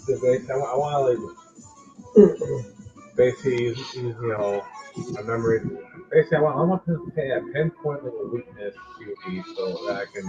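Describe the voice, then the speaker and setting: A man's voice: medium pitch, brisk, dull audio. A man playing a tabletop game, talking hesitantly with many fillers and restarts. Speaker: player. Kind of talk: casual tabletop game play. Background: music.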